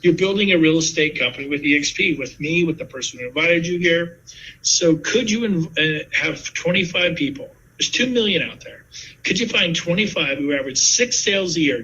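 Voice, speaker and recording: A man in his fifties pitches to fellow real estate agents, telling stories full of lively asides. The recording is muffled, with slight background noise.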